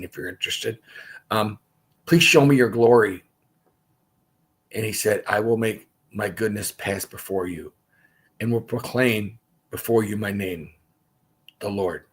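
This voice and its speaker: A man with a low, slightly husky voice leads a relaxed Bible study on a livestream. He reads passages aloud and stops for conversational side comments. The sound comes from a computer mic. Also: low-quality recording.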